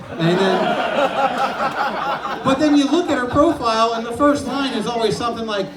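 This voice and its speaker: A man in his twenties performing a self-deprecating stand-up comedy set on a club stage, telling stories and breaking into shouted impressions. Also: extremely high pitch, moderate pace, background noise. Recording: echoey club with audience laughter.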